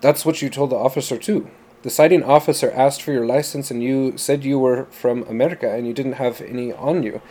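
A man voicing a stern, heavily accented courtroom prosecutor who presses with accusing questions, in a dark, mellow voice. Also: mid-range voice, a little fast, natural voice.

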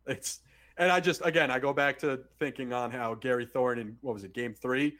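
A man co-hosting a casual sports podcast and ranting in an animated, profane way. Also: medium pitch, moderate pace. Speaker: podcast co-host.

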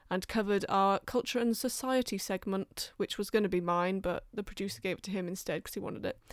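A woman's voice: mid-range voice, no room sound. A woman from London with a mixed Welsh and English accent, co-hosting a podcast in dry, blunt banter. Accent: mix of Welsh and English. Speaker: podcast co-host.

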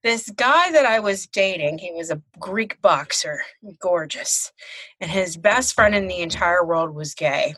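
A woman's voice: lowish voice, lively intonation, measured pace, pushed and bright, husky, no echo, low-quality recording. A woman hosting a podcast, telling stories in a frank, bawdy, casual way. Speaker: podcast host. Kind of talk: casual chat.

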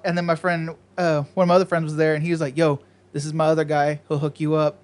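A young man spinning a story on a casual podcast, slightly higher than most men. His delivery is relaxed and salty, and he throws in quick impressions of the people he talks about. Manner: laid-back, profane, acts out voices in stories. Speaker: podcast co-host.

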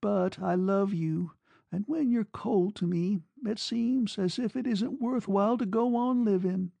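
A man reading a novel aloud and voicing a lovesick young woman who speaks slowly and pleads softly. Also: high-pitched, creaky, no room sound, lo-fi sound, voice pushed up, full character voice. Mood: pleading. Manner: slow, pleading, soft.

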